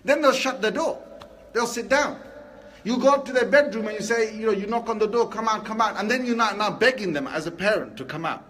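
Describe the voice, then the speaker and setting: A man preaches a Friday sermon in a high, bright-sounding voice. He talks to the congregation casually, firing rhetorical questions at them, with a faint hum behind him. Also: fairly quick. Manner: lively and conversational, asking the crowd rhetorical questions.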